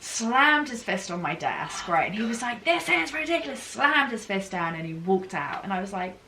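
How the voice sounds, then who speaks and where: A woman's voice: mid-range voice, expressive, normal speed, pushed and bright. A woman life coach talking in an upbeat, emphatic way, often adding "right?" to her points. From England. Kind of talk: conversational interview. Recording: echoey room with faint noise.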